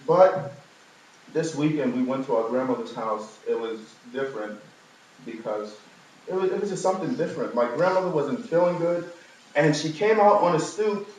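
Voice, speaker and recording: A man's voice: normal speed, a little hiss or hum. A young man from New York giving a personal testimony to a live audience, telling a family story with humorous asides. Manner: storytelling, humorous asides, animated rises in pitch. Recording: very echoey room, from far off.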